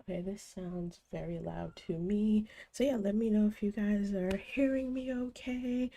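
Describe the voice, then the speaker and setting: A woman streaming a cozy game, congested from a cold, gently chatting and greeting viewers by name. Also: medium pitch, steady tone, a little slow. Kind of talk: casual stream chat.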